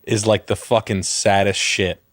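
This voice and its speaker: A man's voice: on the low side, flat delivery, unhurried, dry recording. A man telling rambling stories in casual chat, swearing and laughing a lot. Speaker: podcast co-host.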